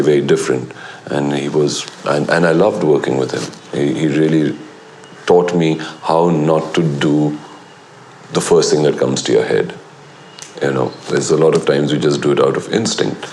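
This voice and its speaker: A man's voice: very deep voice, a little hiss or hum. A middle-aged man, a film actor in a documentary interview, telling anecdotes and acting out what others said. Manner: animated storyteller who acts out quoted lines.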